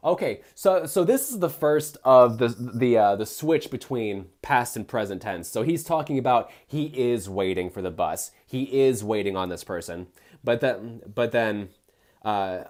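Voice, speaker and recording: A man's voice: medium pitch, animated, measured pace, darkish tone. A young man hosting a live stream, reading a badly written book aloud and mocking its prose with exasperated, sarcastic asides. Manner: sarcastic, exasperated, frequent fillers and restarts.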